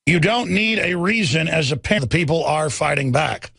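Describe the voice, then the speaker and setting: A male radio host ranting angrily and emphatically, sometimes shouting, with a gravelly voice. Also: fairly high pitch, lively intonation, normal speed, dry recording, clean studio sound. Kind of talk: talk radio rant.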